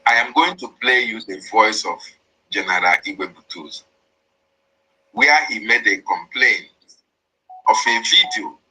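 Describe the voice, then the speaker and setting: Give me an emphatic Nigerian man speaking slowly, with a bright, husky voice. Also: on the low side, animated, rough recording. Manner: repetitive, emphatic, denouncing opponents. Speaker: speaker on a political online broadcast. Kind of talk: impassioned political monologue.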